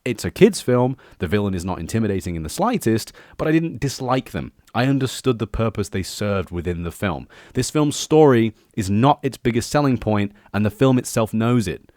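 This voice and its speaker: A young man giving a casual, excitable, profanity-laden spoken review as a video host. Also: on the low side, dry recording, studio quality. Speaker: YouTube reviewer.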